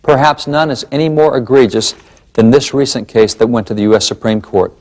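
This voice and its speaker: A man's voice: mid-range voice, fairly quick, a little mellow. A man presenting a documentary lecture, emphatic and fond of rhetorical questions.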